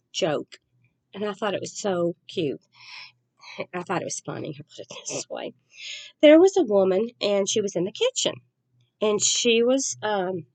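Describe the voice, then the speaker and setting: A woman talking in a rambling, chatty and soft-spoken way as a crafting vlogger. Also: medium pitch, no echo. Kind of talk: casual chat.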